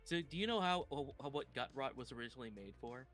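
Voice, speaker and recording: A man's voice: mid-range voice, lively intonation, fast talker, a bit bright, faint music behind. A man hosting a reaction stream, talking casually and swearing freely while telling stories.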